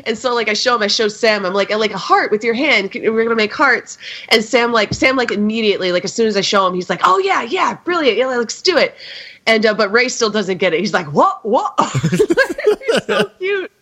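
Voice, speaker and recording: Young woman gushing on a podcast, giggly and excited, lots of laughs. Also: a little high, a little fast. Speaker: podcast co-host. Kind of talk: casual chat.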